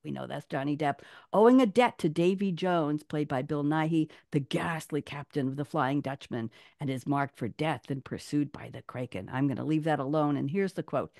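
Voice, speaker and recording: A woman hosting a live online talk show, chatty and animated, laughing often, speaking over a video call. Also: sits low, moderate pace, few pauses, no echo, clean studio sound. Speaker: host.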